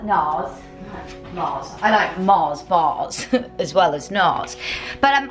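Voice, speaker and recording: Chatty English woman vlogging, faint music. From England. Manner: chatty and gushing, with many fillers and asides; coos at her dog in a high baby voice. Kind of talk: casual chatty vlog.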